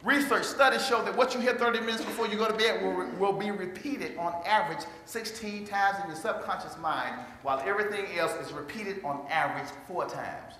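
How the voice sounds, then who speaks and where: A man giving a lively motivational speech to a live audience, drawing call-and-response from the crowd and acting out quoted voices. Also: high voice, brisk, hardly any pauses, a little hiss or hum. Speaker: motivational speaker. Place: large hall before an audience. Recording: echoey hall with long reverb.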